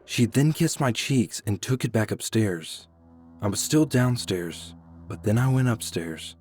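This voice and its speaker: Man narrating a dark horror tale. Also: medium pitch, lively intonation, a little slow, soft background music. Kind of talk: scripted first-person horror narration.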